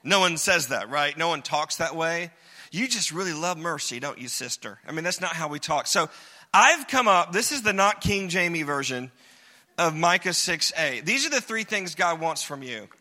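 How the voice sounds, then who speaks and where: A man's voice: a little high, animated, moderate pace, bright, forceful tone. A man preaching a sermon as pastor, talking in a conversational, joking way with emphatic repetition. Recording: long reverb of a hall.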